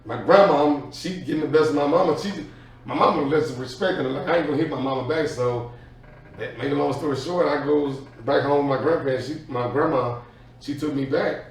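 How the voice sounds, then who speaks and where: A man telling an animated childhood story in a casual podcast chat. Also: a little high, fairly quick. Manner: animated, acts out voices in his story. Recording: echoey room, far from the mic.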